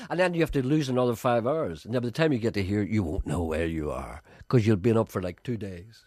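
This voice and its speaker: Teasing radio host. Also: male voice, on the low side, lively intonation, a little fast, darkish tone, no room sound, clean studio sound. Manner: teasing, playful, laughs often. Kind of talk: comic radio banter.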